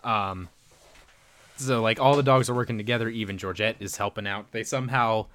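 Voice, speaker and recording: A man casually recapping a movie plot, rambling with many fillers and quick voiced quotes. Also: on the low side, fairly bright tone. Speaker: podcast co-host.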